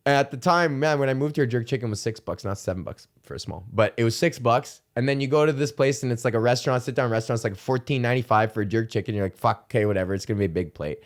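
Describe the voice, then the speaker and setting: A man's voice: medium pitch, quick pace, few pauses. A young man hosting a comedy podcast, ranting in a casual, rambling way, swearing and laughing often. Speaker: podcast host.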